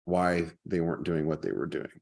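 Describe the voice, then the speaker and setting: A man's voice: low-pitched, brisk, gravelly. A man hosting a podcast in casual chat, telling stories and acting out quoted lines with energy. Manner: storytelling, animated when quoting. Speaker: podcast host.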